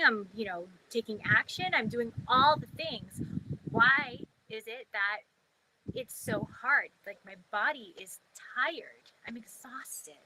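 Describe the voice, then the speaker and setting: A woman's voice: a little high, background noise. A woman telling a personal story in a chatty, casual way, full of fillers, acting out her own past thoughts.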